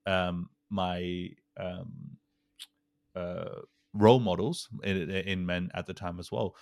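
Very deep-voiced man hosting a podcast. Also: little pitch movement, slow pace, a little mellow, no room sound. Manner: rambling storytelling with frequent restarts and "like". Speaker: podcast host. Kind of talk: casual conversational interview.

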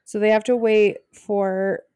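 Brief: relaxed woman co-host, mid pitch, muses aloud, dry close mic. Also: measured pace, clear, resonant tone, dry recording. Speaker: podcast co-host. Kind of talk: casual recap chat.

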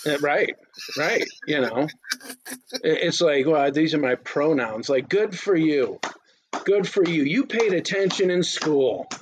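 A man's voice: a little high, expressive, takes it slowly, slight background noise. A middle-aged man co-hosting a casual podcast chat, ranting with profanity and exasperation. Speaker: podcast co-host.

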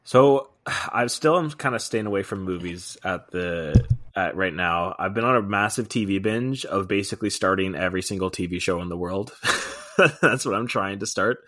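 Young man, easygoing podcast chat, lowish pitch, chatty. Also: moderate pace, fairly bright tone. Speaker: podcast co-host. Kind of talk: casual chat.

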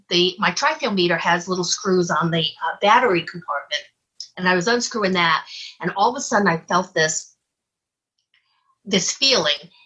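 A woman casually recounting a personal encounter as an investigator, animated and acting out her own reactions. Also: medium pitch, breathy edge, muffled recording. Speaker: guest, UFO investigator. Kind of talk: casual storytelling.

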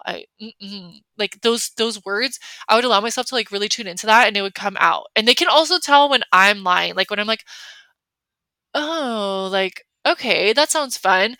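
A woman's voice: medium pitch, bright, forceful tone, dry recording. A young woman hosting a podcast, talking casually and chattily with lots of fillers. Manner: chatty, many fillers, acts out her own reactions. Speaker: podcast host. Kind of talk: casual solo talk.

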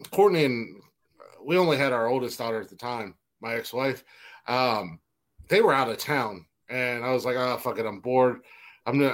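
A man's voice: mid-range voice, fairly bright tone. A middle-aged man from the Newark area, telling a long story in casual podcast chat, swearing freely and restarting sentences. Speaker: podcast co-host.

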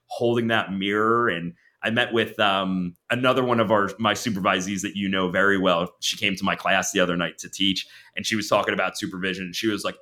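Middle-aged man, podcast guest, candid and animated, low bright voice. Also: brisk, hardly any pauses. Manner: candid, animated storyteller with frequent restarts. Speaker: counselor supervisor, podcast guest. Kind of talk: casual podcast chat.

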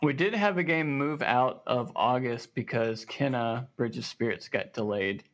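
A man's voice: mid-range voice, unhurried. Joking Southern man on a gaming podcast. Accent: Southern American. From American South. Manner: relaxed, joking, reads news aloud with fillers. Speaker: podcast co-host. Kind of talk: casual gaming podcast chat.

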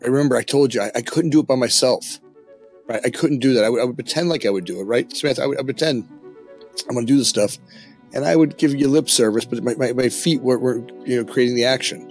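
A man's voice: medium pitch, quick pace, a little mellow, faint music behind. A middle-aged man talking candidly as a company founder in a podcast interview, often tagging his points with "right?".

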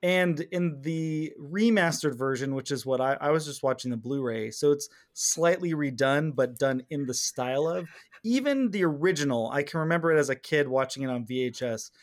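A man in his forties co-hosting a casual chat podcast, animated and laughing often as he quotes lines. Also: fairly high pitch, normal speed. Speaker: podcast co-host.

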